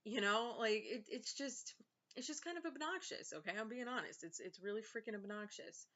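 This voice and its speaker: A woman's voice: on the high side, lively intonation, moderate pace, a bit bright. A young woman venting in a casual vlog, sarcastic and exasperated, with lots of fillers. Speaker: vlogger and author. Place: home. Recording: slightly dull lo-fi sound.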